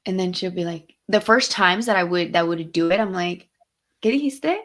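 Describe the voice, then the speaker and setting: A woman's voice: fairly low pitch, steady tone, moderate pace, a bit bright. A young adult woman co-hosting a podcast, telling stories candidly in casual chat, dropping Spanish phrases and swearing freely. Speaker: podcast co-host.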